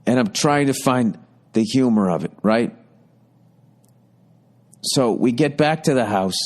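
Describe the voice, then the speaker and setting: A man's voice: mid-range voice, lively intonation, darkish tone. A man in his fifties hosting a podcast, telling a rambling comedic story with constant swearing and exasperated ranting. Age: 50s. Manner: profane, exasperated, rapid ranting. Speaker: podcast host. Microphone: podcast studio mic.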